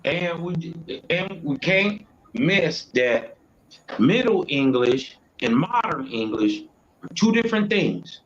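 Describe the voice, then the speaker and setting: A man giving brief, measured replies as a panelist in a casual discussion over a video call. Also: a little high, very animated, muffled recording, a little hiss or hum.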